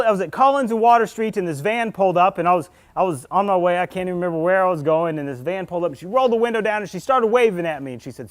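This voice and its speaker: A man with a fairly high voice gives a public talk to a community audience. He tells stories earnestly, speaks straight to the listeners, and voices the people he met as he recounts them. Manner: earnest storyteller, acts out dialogue, speaks to the crowd directly. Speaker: state police officer giving a community talk.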